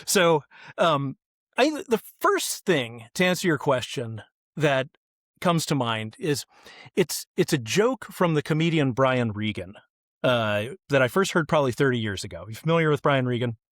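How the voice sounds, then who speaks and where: A middle-aged man on a podcast, telling stories in an animated way and acting out the voices of the people in them. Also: mid-range voice, normal speed, dry recording, clean studio sound. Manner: animated, acts out quoted voices. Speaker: kids ministry guest. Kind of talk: podcast interview storytelling.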